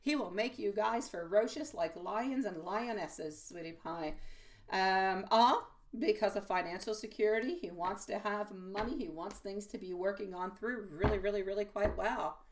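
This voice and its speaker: A woman's voice: medium pitch, moderate pace, distant mic. Woman doing a live tarot stream, calls everyone sweetie, sounds a little back from the mic. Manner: affectionate, chatty, calls viewers sweetie. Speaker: tarot reader.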